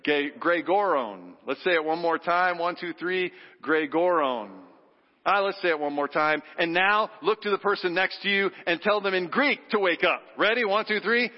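A man preaching a sermon, animated, leading the congregation in call-and-response. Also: high voice. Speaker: pastor. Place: church sanctuary. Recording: dull sound with long hall reverb.

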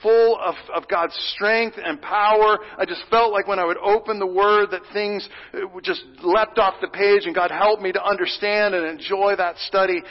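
A male pastor preaching a sermon with earnest feeling, swinging from loud pleading to hushed whispers. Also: high voice, fairly even intonation, normal speed, few pauses, big-room sound, highs cut off.

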